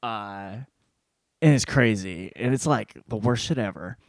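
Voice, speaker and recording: A man hosting a podcast, rambling through a casual book review with constant swearing and animated storytelling. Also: fairly low pitch, measured pace, no room sound, clean studio sound. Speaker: podcast host.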